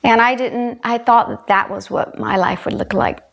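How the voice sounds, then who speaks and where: A woman's voice: fairly high pitch, steady tone, normal speed, vocal fry. A woman from South Carolina with a Southern US accent, earnestly telling a personal story as a guest and retelling dialogue. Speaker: guest, country singer.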